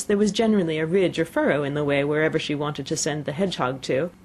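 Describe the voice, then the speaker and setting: Low, breathy woman reading a storybook. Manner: expressive, playful reading. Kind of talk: storybook narration.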